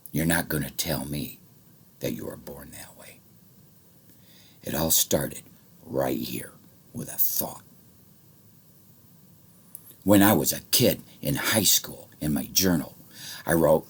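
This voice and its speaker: A man with an extremely deep voice and a gravelly, husky rasp runs through a rambling monologue for his channel. His talk is full of swearing and lurches between hushed mutters and loud shouts. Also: slow, long pauses. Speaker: vlogger.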